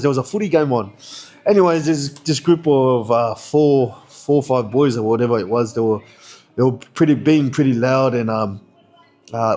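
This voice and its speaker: Young Australian man, slightly high voice, loose slangy yarn-teller who laughs through his story. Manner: laughs often, slangy, swings high when excited. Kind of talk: casual storytelling.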